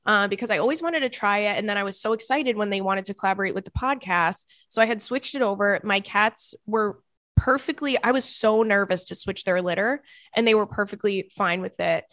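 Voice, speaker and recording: A young woman hosting a podcast, talking casually and animatedly at a middle pitch. Her voice is close and dry, with no room around it. She slips easily between relaxed chat and bursts of excited emphasis. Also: brisk, dry recording. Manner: animated, bursts into high laughter and squeals. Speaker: podcast host.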